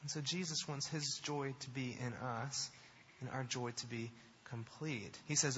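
Bright-voiced man preaching in a hall. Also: mid-range voice, moderate pace, slight background noise. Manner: emphatic, builds to animated repetitions. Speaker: pastor. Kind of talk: sermon. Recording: dull sound in a long-reverb hall.

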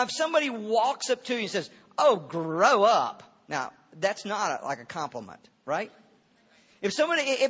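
A man's voice: extremely high pitch, a bit bright. Man preaching in an echoing hall. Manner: conversational, rising to emphatic on key lines. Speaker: pastor. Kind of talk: sermon, Bible teaching. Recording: dull audio with long reverb in a large hall.

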